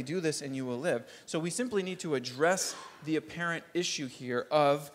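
A man preaching a sermon, earnest, lifting his voice for emphasis and dropping low to press his points home.

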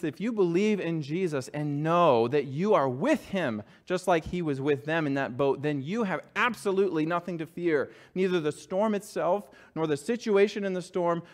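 A man preaching a sermon, earnest and emphatic, dropping soft and low when reading scripture and rising to stress his points. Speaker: pastor.

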